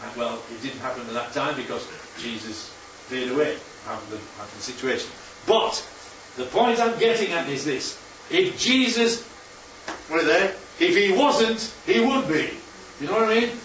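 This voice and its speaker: A man's voice: a little high, animated, normal speed, a bit bright, a little hiss or hum. A man leading an informal Bible class with slides, who keeps checking in with his listeners. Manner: chatty, checks in with listeners often. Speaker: Bible study teacher. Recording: roomy, distant, muffled hall recording.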